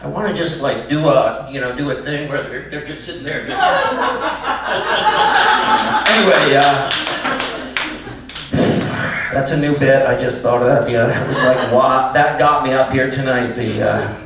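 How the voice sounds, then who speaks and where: Performing in a small cafe, this comedian talks at a moderate pace in a mid-range voice, leaving long pauses as he wanders and interrupts his own sentences. The far mic catches an echoey, noisy room full of laughing audience members.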